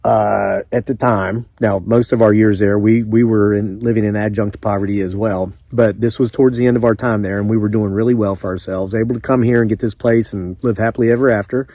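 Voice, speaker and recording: A man's voice: fairly low pitch, steady tone, a little fast, few pauses, warm tone, dry recording. A man with a Southern US accent, chatting in a rambling, storytelling way as a homesteading vlogger. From American South. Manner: rambling, chatty, frequent restarts and asides. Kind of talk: casual storytelling to camera.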